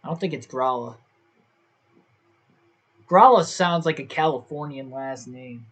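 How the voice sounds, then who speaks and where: A young gaming livestreamer casually commentates his own stream, thinking aloud and second-guessing himself as he addresses his viewers. His voice is medium-pitched, fairly bright, and a little slow.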